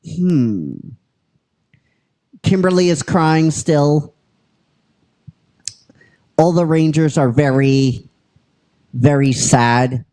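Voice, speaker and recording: A podcast host telling a story in a casual, halting way, with many fillers and restarts. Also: mid-range voice, dark tone. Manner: chatty and self-deprecating, swears casually. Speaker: podcast host pitching episode ideas.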